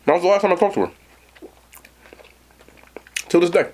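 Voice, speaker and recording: A man with a voice that sits high speaks at a moderate pace while hosting an eating show, casually telling a story to his live chat. He's animated and speaks right to his viewers, over slight background noise.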